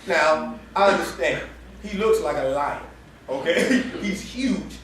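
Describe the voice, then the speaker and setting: A man preaching a sermon at a campus ministry gathering, telling a story in a lively, laughing, colloquial way. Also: high-pitched, takes it slowly, slight background noise. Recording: echoey room heard from far off.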